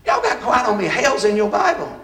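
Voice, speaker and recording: A man preaching a shouted revival sermon, calling on the congregation to say amen. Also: high voice, very animated, fairly quick. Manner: call-and-response, repeatedly urging the congregation to say amen. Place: church sanctuary with congregation. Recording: echoey church with faint crowd.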